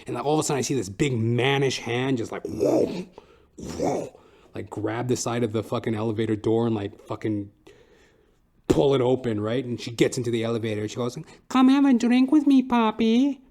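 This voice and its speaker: A man's voice: steady tone, brisk, darkish tone. Profane rambling podcast host, man. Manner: profane, rambling, jumps into high silly voices. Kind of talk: comedic podcast monologue.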